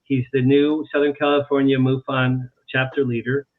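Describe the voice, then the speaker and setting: Man, author guest, animated storyteller, repeats himself for emphasis, mid pitch, tinny phone-line sound. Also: moderate pace. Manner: animated anecdote-teller, repeats phrases for emphasis. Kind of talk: storytelling in a talk-show interview.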